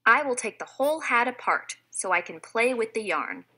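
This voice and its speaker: A woman's voice: on the high side, big pitch swings, moderate pace, pushed and bright, husky, heavily acted. A woman voicing a playful female cat in a read-aloud storybook. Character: playful female cat who loves yarn.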